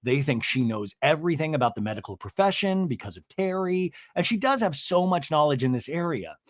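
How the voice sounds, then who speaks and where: A man hosts a comedic recap podcast, rambling along and making fun of himself as he goes. His voice sits a little high for a man. The recording is dry and close, with no room sound. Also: sing-song, a little fast, dry recording. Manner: self-mocking, rambling. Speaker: podcast host.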